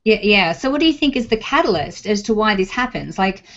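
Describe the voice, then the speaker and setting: A woman's voice: mid-range voice, lively intonation, fairly quick, lo-fi sound. A woman hosting an interview, asking casual, eager questions. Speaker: host. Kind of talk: interview host.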